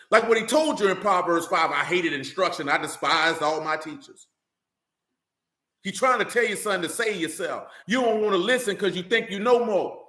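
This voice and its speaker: A man's voice: high voice, lively intonation, moderate pace, sharp tone. Fervent, emphatic male preacher in an echoey room. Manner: preachy, repeats "man" and "you understand", rising to emphatic. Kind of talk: sermon with scripture reading.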